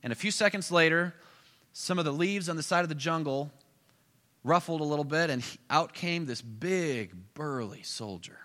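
A male preacher telling a story in a sermon. He swings between loud bursts and hushed asides. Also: on the high side, normal speed. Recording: echoey hall.

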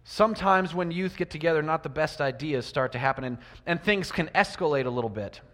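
Male preacher with a fairly high voice, sermon delivery full of rhetorical questions and loud-to-quiet swings, long hall reverb. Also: a little fast. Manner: asks the congregation many rhetorical questions; swings between loud emphasis and quiet asides.

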